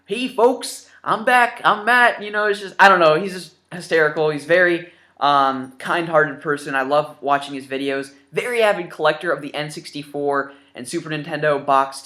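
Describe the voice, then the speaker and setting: A man's voice: a little high, pushed and bright. A man in his twenties hosting a casual gaming vlog, eager and rambling, with lots of ums. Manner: enthusiastic and rambling, with many fillers. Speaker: gaming YouTuber showing his new games.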